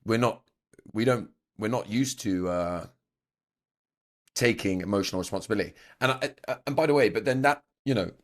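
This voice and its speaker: Deep-voiced man thinking aloud. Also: moderate pace. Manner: reflective, thinks aloud with restarts. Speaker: podcast host. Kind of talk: conversational interview.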